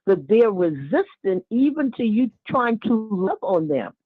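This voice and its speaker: A woman calling in to a radio show, speaking heartfelt and casual, with warm asides and repeated words. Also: mid-range voice, sing-song, a little slow, slightly rough, no room sound. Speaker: caller. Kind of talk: casual call-in talk. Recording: tinny phone line.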